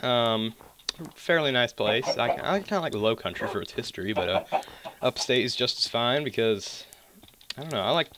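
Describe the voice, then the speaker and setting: A teenage boy with a fairly deep voice and a mild Southern accent mixed with Californian, rambling through casual gameplay commentary from his desk on a cheap microphone. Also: noisy background. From US, California and South Carolina. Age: mid-teens. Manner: rambling, digressive, joking asides. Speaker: gaming channel host. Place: at home at his computer desk. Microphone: cheap desktop microphone.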